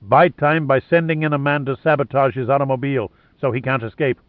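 A man's voice: medium pitch, steady tone, brisk, dry recording, voice pushed up, lightly acted. A man reading a ruthless male henchman commander who gives stern, clipped orders. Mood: commanding. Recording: narrow phone-like sound.

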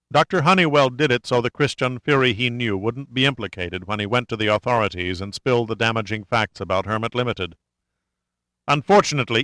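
A man's voice: medium pitch, pushed and bright, dry recording, lightly acted. Brief: tough, tired male hero in a storybook, matter-of-fact, voiced by the narrator, dry close sound. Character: weary, tough male adventurer. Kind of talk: audiobook character reading.

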